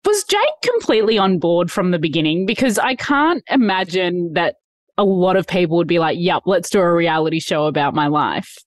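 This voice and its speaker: A woman's voice: on the low side, lively intonation, normal speed, no room sound, studio quality. A woman hosting an interview, asking sympathetic, coaxing questions. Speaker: podcast host.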